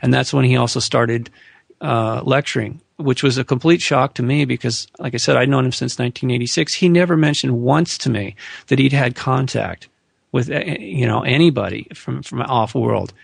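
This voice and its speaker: A middle-aged man with a deeply gravelly voice talks frankly and haltingly, stopping and restarting his sentences. The sound is close and dry with no room around it. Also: no room sound. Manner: frank, hesitant, many restarts. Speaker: interview guest. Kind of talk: casual interview talk.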